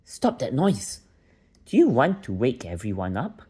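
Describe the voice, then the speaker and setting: A man's voice: mid-range voice, huge pitch swings, unhurried, mellow, slightly rough, voice pushed up, exaggerated voice. A father voicing a thin, fierce old man from a fairy village who scolds a noisy boy. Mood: scolding. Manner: hissing, scolding. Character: thin fierce old male hushing brownie.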